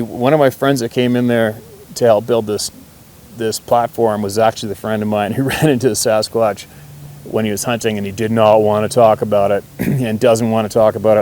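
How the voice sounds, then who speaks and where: Man, low-pitched, folksy rambling storyteller with casual swearing; faint background rumble. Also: darkish tone. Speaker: hunter.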